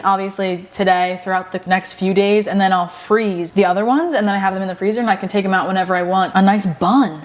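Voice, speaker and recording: A woman hosting a home baking vlog, chatting to her viewers in a gushing, enthusiastic way and repeating her favourite phrases. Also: medium pitch. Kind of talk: casual chat to camera. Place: home kitchen.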